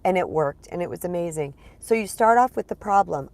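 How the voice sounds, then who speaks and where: Gravelly low-voiced woman coach. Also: animated, brisk, hardly any pauses, darkish tone. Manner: chatty, repeats words for emphasis, addresses viewers as "you guys". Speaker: spiritual empowerment coach. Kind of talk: casual vlog monologue.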